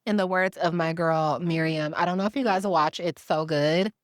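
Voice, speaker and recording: Woman, young adult, from Milwaukee, animated cooking vlogger, fairly low voice, dry recording. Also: moderate pace, no room sound. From Milwaukee, Wisconsin, USA. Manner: chatty, animated, talks to viewers while cooking, laughs often. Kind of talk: casual chatty cooking vlog. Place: home kitchen.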